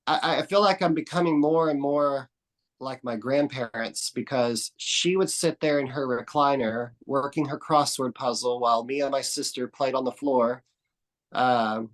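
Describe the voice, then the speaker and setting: His pitch is medium and his pace unhurried. A Texan on a casual podcast, he spins wandering tales, frequently starting over, drifting off mid-thought, and swearing loosely.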